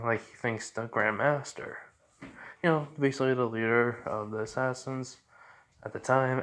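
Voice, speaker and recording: A man's voice: mid-range voice, fairly bright tone. A man casually retelling an improvised fan story, rambling with many fillers and self-corrections.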